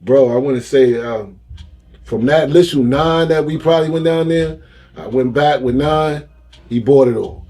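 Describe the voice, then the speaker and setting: A middle-aged man telling stories as a podcast guest, animated and acting out the voices of people he quotes. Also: medium pitch, normal speed. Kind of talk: casual storytelling interview.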